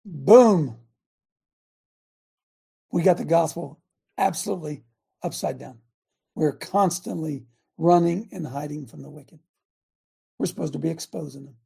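A man's voice: fairly high pitch, moderate pace, gravelly, mellow, slightly rough. A man hosting a call-in program, reading scripture with emphasis and calling on callers by name. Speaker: host.

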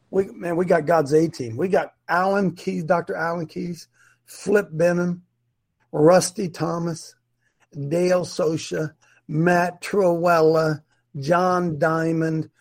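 A middle-aged man hosts a live online show, preaching emphatically and repeating his points in a fiery, preacher-style stream. His voice is high and gravelly with a darkish tone.

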